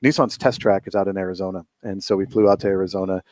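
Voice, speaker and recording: A man hosting a radio show, telling stories in casual chat, animated and laughing often. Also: deep voice, quick pace, no room sound. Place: radio studio.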